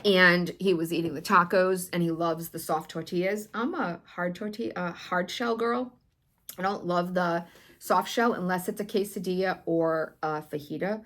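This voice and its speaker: A middle-aged woman talks through her recipes in a loose, chatty way, full of ums and likes. Her voice sits a little low, and she sounds eager and warmly convinced about the food she describes. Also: steady tone, moderate pace. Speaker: weight loss vlogger. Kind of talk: casual chat about recipes.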